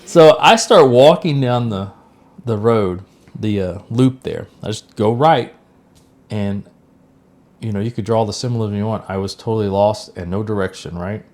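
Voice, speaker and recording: Man telling a lively story. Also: on the low side, moderate pace. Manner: animated storyteller, acts out quoted lines. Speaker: podcast co-host. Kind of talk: casual storytelling.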